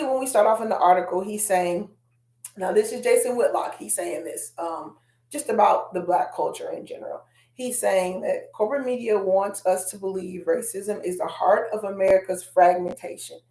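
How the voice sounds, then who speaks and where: A woman's voice: medium pitch, a little mellow, reverberant. A woman hosting a casual commentary vlog, chatting straight to her viewers and reading quotes aloud. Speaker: host.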